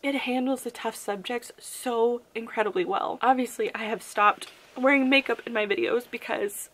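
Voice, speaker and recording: Young woman book vlogger, fairly high voice, casual and gushing, often close to tears. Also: moderate pace. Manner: emotional and gushing, laughing while near tears. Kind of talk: casual chat.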